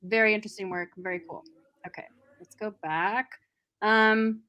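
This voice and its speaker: A woman's voice: mid-range voice, fairly even intonation, moderate pace, sharp tone. A woman hosting a live book discussion, reading out viewer comments in a chatty way. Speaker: host.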